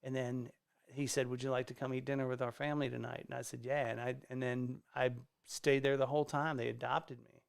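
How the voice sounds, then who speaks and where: A man, a stand-up comedian, telling a casual story on a podcast, animated and swearing freely as he acts out the people in it. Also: medium pitch, brisk, vocal fry, smooth. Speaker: guest comedian. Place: podcast studio.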